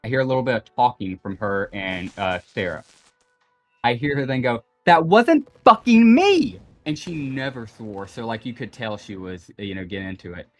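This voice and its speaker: A man's voice: on the low side, fairly quick. A young man telling a story in a casual group voice chat, rambling and full of "like" and "you know". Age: young adult. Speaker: guest on a gaming stream. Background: faint background music.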